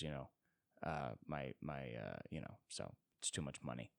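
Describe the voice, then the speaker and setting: A man's voice: very deep voice, normal speed, creaky, dry recording, studio quality. A young American man hosting a solo comedy podcast, rambling and self-deprecating. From United States. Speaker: podcast host.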